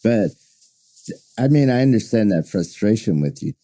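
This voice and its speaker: A man's voice: on the low side, expressive, moderate pace, mellow. A man co-hosting a podcast, talking in a supportive, reflective way and offering his opinions. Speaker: podcast co-host. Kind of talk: casual podcast chat.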